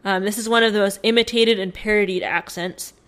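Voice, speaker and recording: A woman's voice: mid-range voice, steady tone, brisk, a bit bright. A woman co-hosting a casual podcast, sharing news stories in a chatty way with plenty of fillers. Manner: chatty, reads from notes with fillers. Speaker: podcast co-host.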